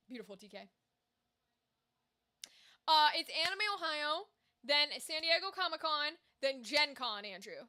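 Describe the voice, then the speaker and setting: High, bright-voiced American woman streamer. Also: normal speed. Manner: chatty and animated, reads viewer comments aloud, swears casually. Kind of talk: casual livestream chat.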